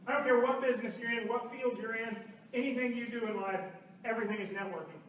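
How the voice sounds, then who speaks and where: A man from Oklahoma telling lively stories as a speaker at a business meeting, speaking to a live room and acting out quotes. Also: extremely high pitch, quick pace, a little hiss or hum. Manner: animated storytelling with acted quotes. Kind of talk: motivational talk to a live room. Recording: roomy far-off hall recording.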